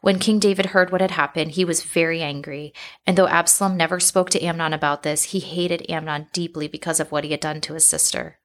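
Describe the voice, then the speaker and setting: A woman reading scripture passages in a steady, measured storytelling manner. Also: low-pitched. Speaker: scripture reader.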